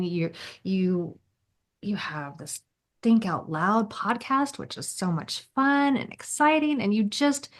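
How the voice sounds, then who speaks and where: A woman's voice: medium pitch, fairly bright tone. Upbeat woman podcast host. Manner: upbeat, enthusiastic, laughs easily. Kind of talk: scripted intro then casual interview chat.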